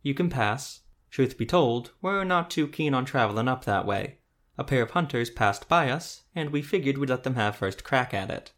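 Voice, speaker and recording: A man's voice: mid-range voice, animated, normal speed, fairly bright tone, lightly acted. A man doing a laid-back, folksy hunter. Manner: casual, folksy grammar. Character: laid-back rough male hunter-tracker.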